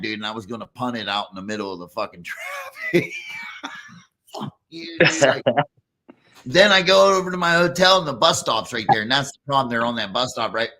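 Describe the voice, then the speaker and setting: Bright-voiced man, animated and profane. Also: medium pitch. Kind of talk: casual chat.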